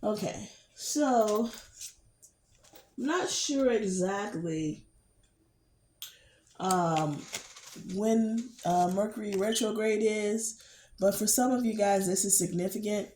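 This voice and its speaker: Woman, stuffy nose from a cold, unhurried tarot host with lots of ums; echoey room, faint hiss. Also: mid-range voice. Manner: slow, hesitant, many ums, murmurs quietly while shuffling cards. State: congested, nasal from a cold. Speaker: tarot reader, channel host. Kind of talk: casual tarot reading vlog.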